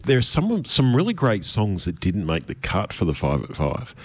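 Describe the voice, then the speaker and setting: A man's voice: on the low side, wildly swooping pitch, moderate pace, dry recording. A man hosting a radio show, chatting in a friendly, conversational way. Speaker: radio host. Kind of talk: casual chat.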